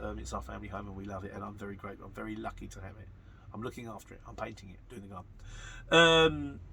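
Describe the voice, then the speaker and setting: Gravelly, chatty man. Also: mid-range voice, pushed and bright. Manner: chatty and self-mocking, reads comments aloud. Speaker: vlogger reading viewer questions. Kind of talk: casual chat.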